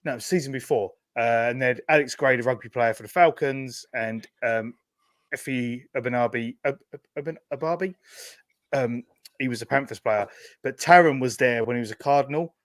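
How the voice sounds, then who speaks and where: A man's voice: medium pitch, normal speed, no echo. A man co-hosting a podcast in casual chat, telling a story and laughing at himself. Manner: chatty, self-mocking, laughing at himself. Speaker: podcast co-host.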